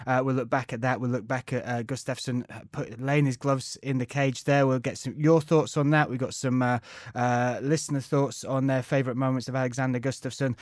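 A man's voice: mid-range voice, little pitch movement, a little mellow, dry recording, clean studio sound. An Irish man in his forties hosting a podcast, chatty and teasing in casual banter. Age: 40s. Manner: teasing, chatty, quick-witted. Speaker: podcast host.

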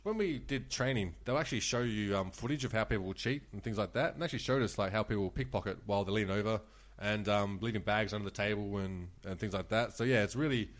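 A man's voice: lowish voice, quick pace. A man with an Australian accent, a former croupier, telling stories in a laid-back, sweary way on a casual podcast. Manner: laid-back, swears a lot, laughs often. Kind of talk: casual storytelling chat.

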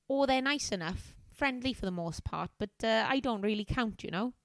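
A woman voicing a lonely young office temp in a comic reading of a novel, with a soft, plaintive delivery. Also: a little high, expressive, moderate pace, no room sound. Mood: wistful. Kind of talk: comedic reading aloud of a novel.

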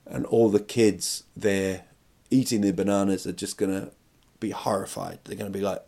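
A man's voice: deep voice, fairly even intonation, normal speed, dark tone. A man hosting a podcast, telling a rambling comic story about himself with lots of filler words. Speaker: podcast host and comedian.

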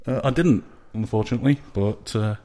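A man's voice: on the low side, brisk, dark tone. A man co-hosting a casual podcast chat, laid-back with dry one-liners. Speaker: podcast co-host.

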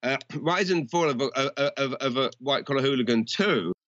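A man's voice: mid-range voice, moderate pace, a bit bright, highs cut off. A man co-hosting a film podcast, chatting casually with a rambling, restart-heavy delivery. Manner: rambling, lots of restarts and fillers. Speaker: podcast co-host.

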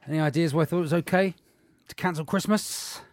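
A man's voice: on the high side, heavy background noise. Upbeat man hosting a radio quiz. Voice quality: jokey, upbeat, quick to laugh. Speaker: quiz show host.

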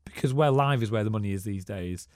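This tired man has a fairly low voice and talks fast, recorded with a studio microphone in a radio studio with no room sound. A newspaper editor and podcast co-host, he co-hosts a casual radio chat, chatty and teasing his friend with lots of laughter.

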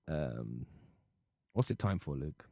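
A man's voice: very deep voice, gravelly, fairly bright tone, husky, no echo. A man hosting a comedy podcast in a studio, teasing his co-host and joking. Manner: joking, teasing, mock-outraged. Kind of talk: casual comedic chat.

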